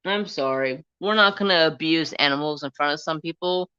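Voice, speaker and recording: A man's voice: on the high side, moderate pace, pushed and bright, smooth, no echo, dull audio. A man hosting a casual crafting live stream, rambling through a story and getting heated as he retells an argument.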